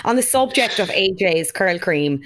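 A woman's voice: mid-range voice, lively intonation, normal speed, a bit bright. A woman hosting a podcast, chatting in a gossipy, sarcastic way and moving the talk along. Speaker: podcast host. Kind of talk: casual chat.

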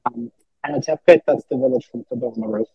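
A man's voice: medium pitch, quick pace, slightly rough, no echo, highs cut off. A man talking as a podcast guest in casual chat, rambling with lots of fillers and restarts.

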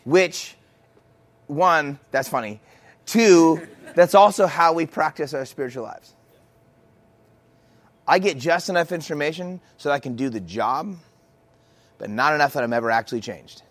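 A man's voice: on the high side, unhurried, pauses often. A man, a worship leader and speaker, telling a personal story in a sermon, chatty and self-mocking, then hammering home emphatic points.

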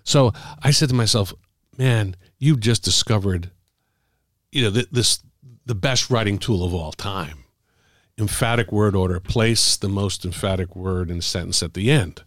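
A man, middle-aged or older, an author telling stories about the craft of writing in a casual, halting way with many fillers. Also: fairly low pitch, fairly bright tone, no room sound, studio quality. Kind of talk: casual conversational storytelling.

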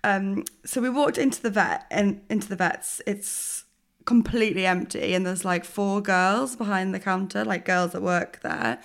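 A young woman co-hosting a podcast, chatting casually and laughing through her own story. Her voice sits mid-range and she tells it with animated, self-mocking energy. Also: medium pitch, moderate pace, vocal fry. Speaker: podcast co-host. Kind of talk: casual chat.

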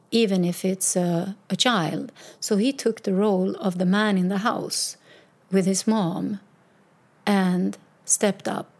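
Middle-aged woman, mellow low-key tone, casual rambling personal storytelling. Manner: rambling, candid, with frequent restarts and quoted dialogue. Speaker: mother sharing personal story.

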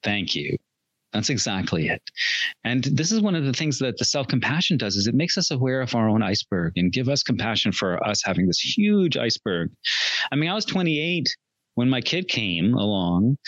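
A middle-aged man talks earnestly as a podcast guest, restarting his sentences and laughing at himself now and then. His voice sits in a middle pitch. The recording is dry and a little dull. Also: sing-song, normal speed, no echo. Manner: earnest, warm self-talk with frequent restarts and laughs. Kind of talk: reflective conversational chat.

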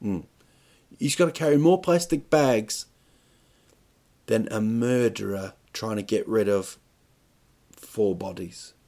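A man's voice: fairly low pitch, slow pace, gravelly, pauses often, dark tone. A man hosting a podcast, talking alone in a rambling, jokey way that keeps breaking off and restarting, with plenty of swearing. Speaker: podcast host. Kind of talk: rambling comedic monologue.

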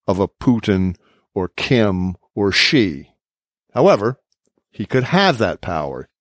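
A man's voice: lowish voice, no echo, studio quality. A man hosting a political discussion podcast, reading quotes from his notes and laughing often. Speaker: podcast host.

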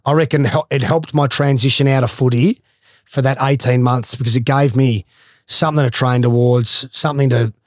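A man's voice: mid-range voice, normal speed, no room sound, studio quality. Laid-back man telling a story. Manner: animated, swears freely, laughs mid-story. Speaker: guest, former footballer. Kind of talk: casual storytelling.

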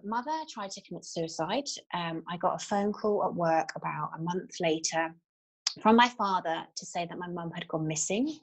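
A woman, a guest telling a personal story in an interview, candid and halting with frequent fillers and restarts. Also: on the low side, poor audio.

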